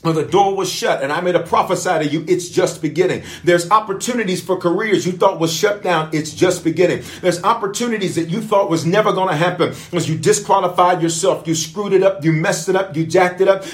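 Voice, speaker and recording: A man's voice: high voice, brisk, hardly any pauses. A man pastor leading a livestreamed prayer sermon, preaching fervently with repeated declarations and calling viewers to type responses.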